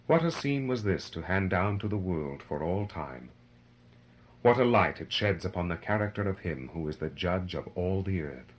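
A man's voice: deep voice, slight background noise, poor audio. A man giving a solemn, dramatic reading of a devotional narrative, rising in force for the crowd's cries. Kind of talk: scripted narration of a devotional book.

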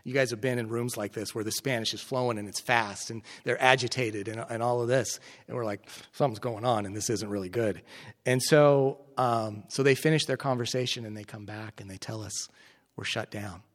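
A middle-aged man, a missionary speaker, telling an animated story to an audience, his voice rising in the exchanges he recounts. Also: mid-range voice, a little fast, hardly any pauses. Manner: animated, lively storytelling that gets loud in quoted exchanges. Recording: echoey hall recording.

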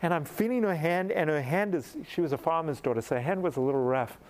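Middle-aged male preacher, storytelling sermon, animated and laughing, pitch sits a bit higher than most men. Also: fast talker.

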